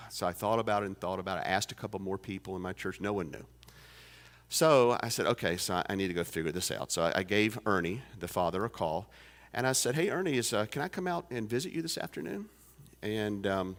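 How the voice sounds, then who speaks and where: Fast-talking and low-voiced with a touch of brightness, this fifties-aged pastor spins a folksy tale from the pulpit. He fills it with fillers and restarts, and the sanctuary's long reverb trails behind him.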